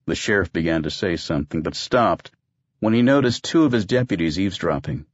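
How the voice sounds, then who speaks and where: A man's voice: low voice, brisk, slightly rough, no echo, highs cut off. A man narrating a story in a wry, dryly comic manner. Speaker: audiobook narrator. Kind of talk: scripted narration.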